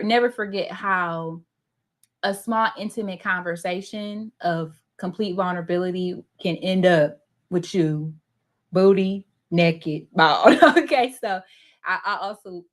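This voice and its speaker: A woman with a lowish voice answering a panel question in a blunt, frank, casual way. She talks loosely and laughs easily. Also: moderate pace. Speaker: panel guest. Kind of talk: casual live Q&A chat.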